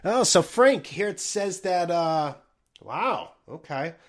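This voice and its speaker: A man slips into a grown male game show host, all bright fake cheer. The delivery lifts high and slows to a syrupy crawl. It sits above the man's own talking voice. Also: expressive. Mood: mock cheery.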